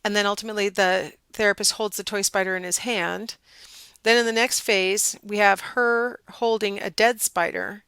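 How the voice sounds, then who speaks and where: A middle-aged woman giving a casual psychology lecture, telling a personal story with lively, animated quoting. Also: medium pitch, moderate pace, clear, resonant tone, dry recording.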